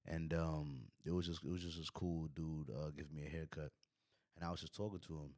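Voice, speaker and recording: Deep-voiced Brooklyn man, rambling. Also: little pitch movement, brisk, darkish tone, no echo, studio quality. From United States. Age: 30s. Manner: rambling storyteller, lots of fillers. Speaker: podcast host. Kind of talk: casual chat.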